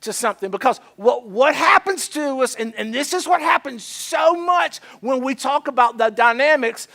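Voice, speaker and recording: Animated high-voiced male pastor. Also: normal speed. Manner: animated, acts out both sides of arguments. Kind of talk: sermon. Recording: church service.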